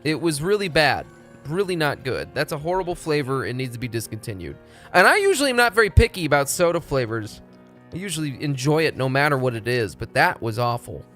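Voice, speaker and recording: A man's voice: on the high side, sing-song, brisk, fairly bright tone, soft background music. A young man from Texas, chatting casually and profanely on a live stream. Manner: rambling, profane, laid-back.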